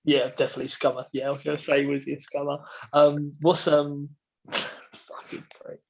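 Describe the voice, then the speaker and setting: A man's voice: fairly high pitch, completely flat delivery, moderate pace, gravelly, highs cut off. A man, a podcast guest, bantering in casual chat and swearing freely. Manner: banter with swearing and mocking put-on voices.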